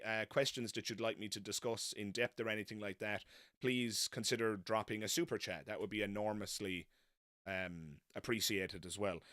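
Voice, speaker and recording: A man's voice: on the low side, sharp tone, dry recording, clean studio sound. A man hosting a live stream, chatting casually and self-deprecatingly, wandering off into tangents. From not American. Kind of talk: casual rambling live chat.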